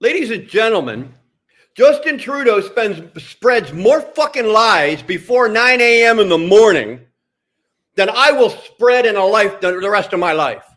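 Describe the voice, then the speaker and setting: Man, from Canada, high-pitched, heated, cursing, repetitive livestream rant. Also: sing-song, measured pace, a bit bright. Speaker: streamer.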